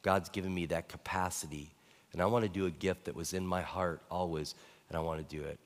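Male pastor preaching; low voice, lively storyteller, echoing sanctuary. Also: fairly quick. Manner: animated storytelling, rising to excited peaks. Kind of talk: sermon. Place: church sanctuary. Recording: church hall reverb.

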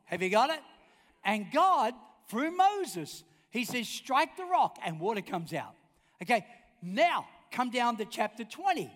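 A man's voice: sits high, big pitch swings, a little slow, fairly bright tone. A man preaching a sermon, emphatic and repetitive, often calling on the congregation to answer back. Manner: emphatic, calls out for congregation responses. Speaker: pastor. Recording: long reverb of a large hall.

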